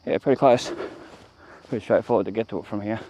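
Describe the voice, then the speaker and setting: A man's voice: lowish voice, quick pace, lo-fi sound, noisy background. An Australian man vlogging on a roadside walk, chatting off the cuff in a meandering way and trailing off mid-sentence, filmed on a camera he carries. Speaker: walking-tour vlogger. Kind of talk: rambling walk-and-talk commentary. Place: outdoors on a rural roadside.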